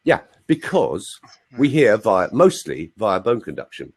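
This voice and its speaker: A man's voice: fairly low pitch, sing-song, unhurried, slightly rough. A male voice coach explaining techniques on an online call, with joking asides. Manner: explanatory, demonstrates sounds, jokey asides. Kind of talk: teaching on a group call.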